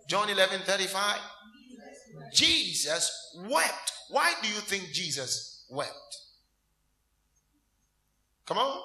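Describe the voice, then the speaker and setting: A minister with a high voice delivers an animated sermon in a roomy-sounding space. He puts call-and-response questions to the congregation and acts out scenes, laughing and pretending to cry.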